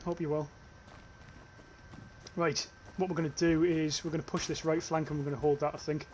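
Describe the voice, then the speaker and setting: Young man, northeast English accent, gaming livestreamer, casual chatty commentary, swears, restarts phrases, slightly high voice. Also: little pitch movement, brisk, a little hiss or hum. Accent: northeast English, near North Yorkshire. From northeast England. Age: young adult. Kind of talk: casual live gameplay commentary.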